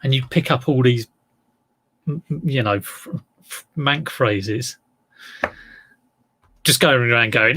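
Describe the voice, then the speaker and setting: A man's voice: mid-range voice, steady tone, unhurried, pauses often, sharp tone, no room sound. A man in his fifties with a Southeast English accent, hosting a casual live stream, rambling chattily and greeting viewers by name. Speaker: live-stream host and reseller.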